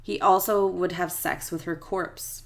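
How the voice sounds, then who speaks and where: A woman's voice: fairly low pitch, fairly even intonation, a little slow, vocal fry. A woman co-hosting a true crime podcast, reading the case facts steadily from her notes. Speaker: podcast co-host.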